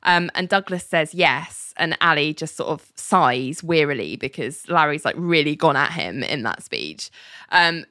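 A woman's voice: sits low, measured pace, no room sound, clean studio sound. A woman casually recapping a TV episode, acting out the characters' lines and laughing often. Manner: animated, acts out quotes, laughs often. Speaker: podcast co-host recapping a TV episode.

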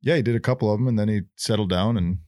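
Brief: male firefighter co-host, opinionated, profane, low pitch, dry sound. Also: rapid-fire, mellow, no echo. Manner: opinionated, profane, says things "on record". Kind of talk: casual chat.

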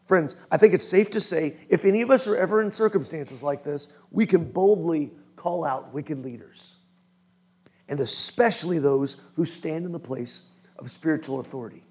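Male pastor, informal sermon, raised pitch, breathy edge, keeps asking "we good?"-style checks. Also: normal speed, darkish tone. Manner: informal, often checks in with the listeners. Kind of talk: conversational sermon.

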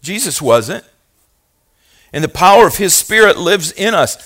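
Fervent male preacher, somewhat high voice. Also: big pitch swings, measured pace. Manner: emphatic preaching, swinging from quiet asides to loud fervent passages; talks directly to the congregation with questions. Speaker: pastor. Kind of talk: sermon.

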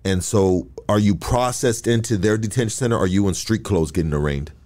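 A man hosts a podcast in a relaxed, casual way, with a low-pitched voice. He asks loose follow-up questions and hesitates here and there as he talks. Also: fairly quick. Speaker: podcast host. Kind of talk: casual interview.

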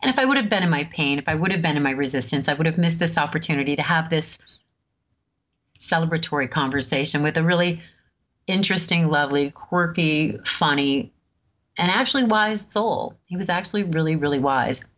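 Low-voiced woman in her fifties, storytelling. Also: brisk. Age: 50s. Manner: warm, laughing often, many ums. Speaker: host. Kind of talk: storytelling talk.

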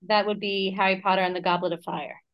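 A woman guest on a podcast, answering quiz questions in casual chat with quick, confident replies. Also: mid-range voice, flat delivery, a bit bright, low-quality recording.

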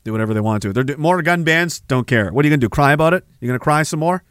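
A man's voice: on the high side, expressive, rapid-fire, a bit bright, no room sound, clean studio sound. A man from Canada hosting a podcast, ranting in sarcastic, profane, taunting political commentary. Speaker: podcast host.

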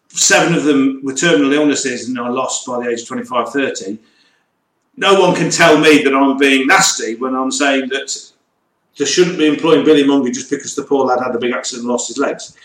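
A man from the East Midlands hosting a casual chat, blunt and prone to loud rants. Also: medium pitch, reverberant, rough recording. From East Midlands, England. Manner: blunt, ranting, loud outbursts. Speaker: podcast host.

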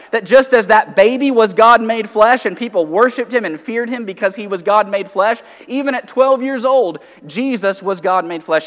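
A man preaching a sermon, teaching conversationally from Scripture and alternating rising emphasis with quiet asides. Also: sits high, long reverb tail.

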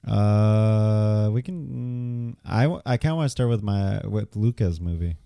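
A man with a very warm, dark voice co-hosting a movie podcast. He talks in a relaxed way with casual fillers and a lowish pitch. The recording is dry and close. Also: unhurried, vocal fry, smooth, dry recording. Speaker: podcast co-host. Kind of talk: casual movie review chat.

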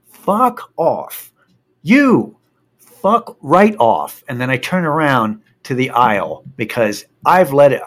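Profane man telling a heated story. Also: medium pitch. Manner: profane, animated, worked-up retelling. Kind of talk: casual anecdote telling.

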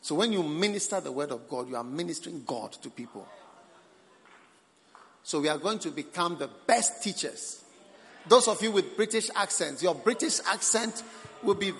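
A man's voice: fairly high pitch, unhurried, pauses often, slight background noise. Playful male preacher in a reverberant hall. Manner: animated, playful, teasing the congregation. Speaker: pastor. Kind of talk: sermon. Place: large church hall. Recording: reverberant hall, faint ambience.

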